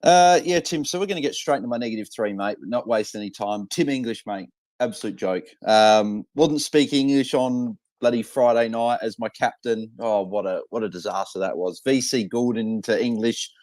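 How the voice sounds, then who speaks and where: A man's voice: mid-range voice, moderate pace, darkish tone, dry recording. A man with an Australian accent co-hosting a casual fantasy football podcast, chatty and blokey, with plenty of fillers and restarts. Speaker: co-host.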